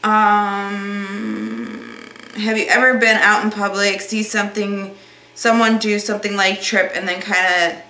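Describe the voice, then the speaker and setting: A woman's voice: medium pitch, level tone, a little slow, bright, forceful tone, echoey room, slight background noise. Awkward, rambling young woman vlogger. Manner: self-described awkward, rambling, laughs easily. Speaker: vlogger answering viewer questions. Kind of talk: casual Q&A vlog.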